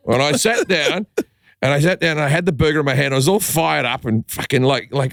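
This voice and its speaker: Animated man telling a story. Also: a little high, fast, no room sound, clean studio sound. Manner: animated, acts out quotes, swears freely. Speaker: comedian guest. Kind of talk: casual storytelling.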